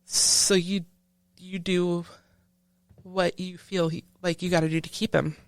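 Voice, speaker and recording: A woman who is a military veteran, telling a painful personal story in an interview in halting speech full of restarts. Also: on the low side, flat delivery, no echo. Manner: halting, with many restarts, recounting a painful memory. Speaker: veteran guest.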